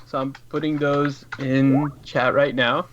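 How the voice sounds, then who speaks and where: A man's voice: mid-range voice, flat delivery, slow pace, fairly bright tone. A man co-hosting a casual game live stream, easygoing as he moves the show along. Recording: dull lo-fi with faint hiss.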